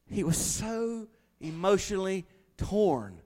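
A man preaching a sermon to his congregation, swinging from loud emphatic lines to quiet, hushed asides. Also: mid-range voice, animated, normal speed. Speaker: pastor.

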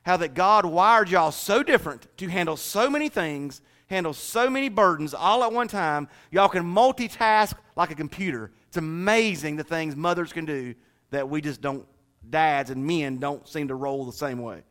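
A man's voice: fairly high pitch, animated, normal speed, fairly bright tone. A middle-aged man preaching a sermon in a folksy, joking way, speaking straight to the congregation. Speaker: pastor.

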